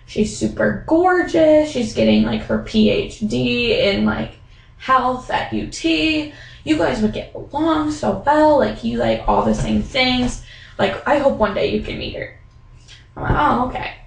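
Young woman, animated storyteller, slightly high, gravelly fry, roomy sound. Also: a little slow. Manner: animated storytelling, acts out quoted voices; many fillers like "like" and "um". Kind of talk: casual chat.

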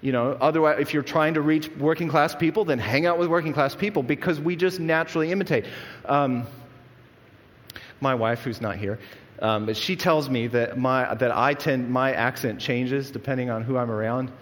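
A man's voice: mid-range voice, normal speed. Earnest male preacher in an echoing hall. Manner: earnest, conversational preaching with frequent restarts. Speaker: pastor. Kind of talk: sermon. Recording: long echo of a large hall.

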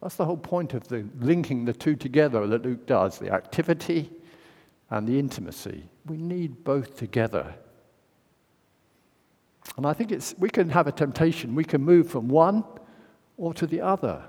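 A man's voice: on the high side, big pitch swings, moderate pace, a little mellow, slightly rough. A man giving a conversational sermon, asking questions and acting out the story. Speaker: preacher. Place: church. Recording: long church reverb.

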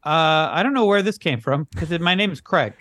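A man co-hosting a comedy podcast, the bemused deadpan straight man in casual banter. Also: fairly high pitch, a little fast, no room sound, studio quality. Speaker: podcast co-host.

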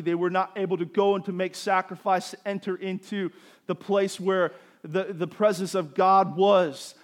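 A man preaching a sermon, building to emphatic bursts and dropping to quieter explanation. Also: sits high. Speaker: pastor.

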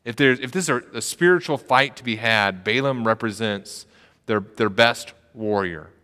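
Bright-voiced male pastor preaching in a hall. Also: lowish voice. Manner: retells the story with acted quotes. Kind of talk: sermon.

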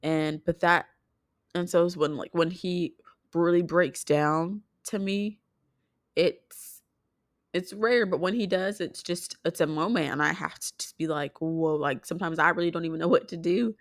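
Heartfelt woman vlogging, low dry voice. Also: steady tone, no echo. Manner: heartfelt, halting, many restarts. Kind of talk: emotional personal vlog.

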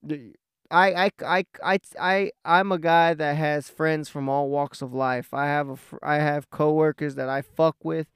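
A man's voice: fairly high pitch, steady tone, unhurried, clean tone, no echo, clean studio sound. A young man vlogging, telling a casual story in a rambling, profane way.

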